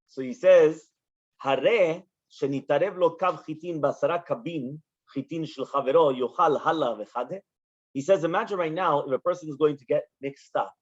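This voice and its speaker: A man with a slightly high voice teaches a Talmud page in lively English full of Hebrew and Aramaic terms. He keeps asking rhetorical questions to keep the class with him. The recording is dull and lo-fi. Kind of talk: daf yomi Talmud lesson.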